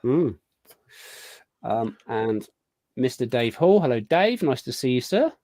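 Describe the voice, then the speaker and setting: A man hosting a casual live show, chatting warmly through a long list of viewer greetings. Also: medium pitch, big pitch swings, takes it slowly, no echo. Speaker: podcast host. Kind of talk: casual live-stream chat.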